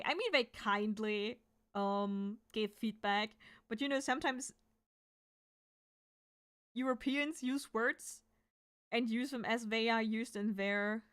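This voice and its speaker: Woman, German accent, native German speaker, casual drawing-stream chat, quick and stumbling, fairly high, smooth voice. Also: a bit bright. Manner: fast, sometimes fumbling words. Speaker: artist streamer.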